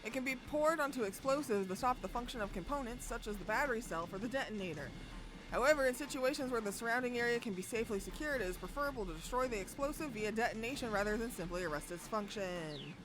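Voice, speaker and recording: A young woman streaming a visual novel, reading the text aloud and breaking into loud, sweary outbursts. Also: on the high side, quick pace. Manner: loud, excitable outbursts and swearing between calm narration.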